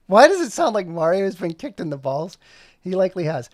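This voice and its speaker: A man's voice: on the high side, very animated, moderate pace, pauses often, no echo. Guy streaming while he works, rambling, talks to himself, dry close sound. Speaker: streamer making an animation. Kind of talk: casual livestream chat.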